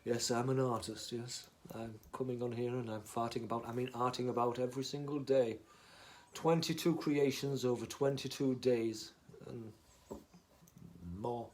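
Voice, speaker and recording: A man chatting casually on a live stream, rambling, joking and swearing, muttering asides and then loudly greeting viewers. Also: medium pitch, fairly even intonation, normal speed.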